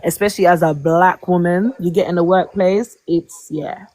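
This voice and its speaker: A woman's voice: lowish voice, fairly even intonation, moderate pace, a little mellow. A woman on a discussion panel, talking emphatically about her experiences. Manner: emphatic, says "honestly speaking". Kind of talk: group discussion.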